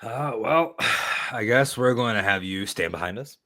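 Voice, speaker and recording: A man playing a tabletop role-play game, talking in a rambling, halting, jokey way. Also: mid-range voice, animated, sharp tone. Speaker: player.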